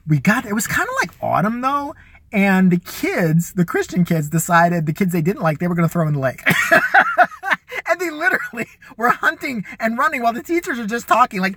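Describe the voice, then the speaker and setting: A man's voice: sits high, fairly bright tone, breathy edge, no room sound. A man from the Chicago area hosting a live show, telling crude, rambling stories about his school days and laughing often. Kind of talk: casual profane storytelling.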